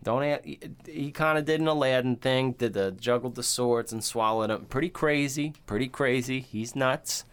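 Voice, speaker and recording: A man's voice: mid-range voice, normal speed, hardly any pauses, fairly bright tone, clean tone. A man co-hosting a podcast, chatting casually in a crude, joking, rambling way. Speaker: podcast co-host.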